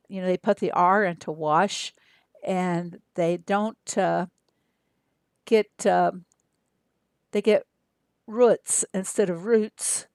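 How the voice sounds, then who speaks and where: An older woman from Arkansas streams a game, chatting casually and unhurriedly with viewers and using lots of fillers. Her mid-range voice is smooth, recorded at studio quality with no echo.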